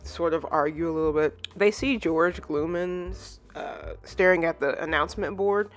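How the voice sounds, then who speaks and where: A reviewer recapping a manga chapter in a relaxed, rambling way, with many filler words and short acted-out character lines. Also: medium pitch, moderate pace, faint music behind. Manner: rambling, full of "you know" and "like" fillers; acts out characters' lines when retelling.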